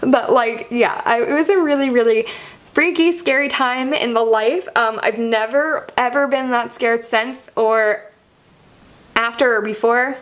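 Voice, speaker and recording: Chatty young woman, higher pitch. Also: a little slow. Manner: chatty, heavy use of "like", frequent laughs. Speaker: vlogger. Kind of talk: casual storytelling.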